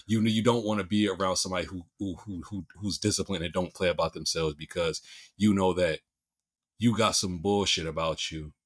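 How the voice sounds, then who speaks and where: A man's voice: sits low, fairly even intonation, fairly quick, husky. A male podcast host with a Philadelphia accent, chatting casually and restarting his sentences often with repeated words.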